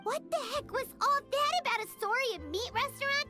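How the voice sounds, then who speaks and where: Paimon, a squeaky fairy. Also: female voice, animated, a little fast, pushed and bright, heavily acted. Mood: indignant. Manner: talks about herself in third person, squeaky. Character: tiny floating fairy companion, excitable and chatty. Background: game music.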